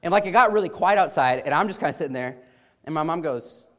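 A man's voice: a little high, expressive, quick pace. A man casually telling an amused personal anecdote with many restarts. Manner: chatty, amused, frequent restarts. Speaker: storyteller.

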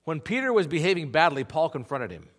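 A man's voice: on the high side, sing-song, a little fast. A man preaching a sermon as pastor, earnest and conversational, often checking in with his listeners.

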